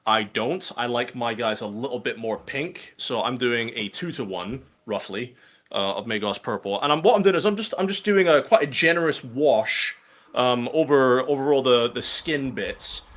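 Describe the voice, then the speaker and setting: A man's voice: mid-range voice, animated, moderate pace, fairly bright tone. A man, a guest on a painting stream, chatting casually and rambling a little about what he is doing. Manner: rambling, self-deprecating. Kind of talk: casual chat.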